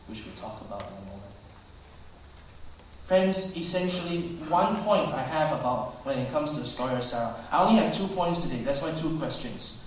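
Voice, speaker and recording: A man preaching a sermon earnestly, swinging between loud emphasis and soft, hushed asides. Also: medium pitch, a little hiss or hum. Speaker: pastor. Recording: very echoey hall, speaker far from mic.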